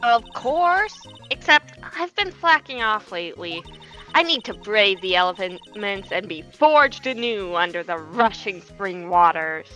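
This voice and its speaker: A woman's voice: medium pitch, lively intonation, a little slow, sharp tone, faint music behind. A woman voicing a bubbly young spirit medium. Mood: earnest. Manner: bubbly, naive. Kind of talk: comedic game dub.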